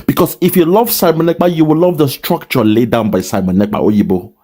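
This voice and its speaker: Male commentator, preachy and scolding, slightly high, warm tone. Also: fairly even intonation, a little fast. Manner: preachy, repetitive, scolding, with mocking laughs. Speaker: online political commentator. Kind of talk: impassioned monologue addressing a rival.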